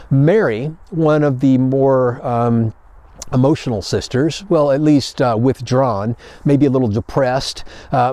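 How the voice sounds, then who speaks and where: A man's voice: medium pitch, a little mellow, no echo. A man pastor preaching a sermon in a conversational storytelling way, acting out paraphrased quotes.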